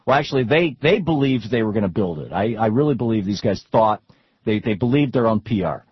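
A husky, slightly breathy middle-aged man talking politics in an unscripted, rambling way, often stumbling and restarting mid-phrase. The sound is dry with no room around it, on a dull, lo-fi recording. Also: fairly low pitch, animated, fairly quick, no echo. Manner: rambling, frequent restarts and repeated words. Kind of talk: unscripted political talk with anecdotes.

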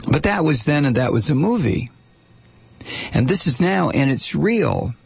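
A man's voice: fairly high pitch, lively intonation, unhurried, creaky, breathy edge. A man hosting a radio talk show, delivering a sarcastic, incredulous, rambling monologue full of restarts.

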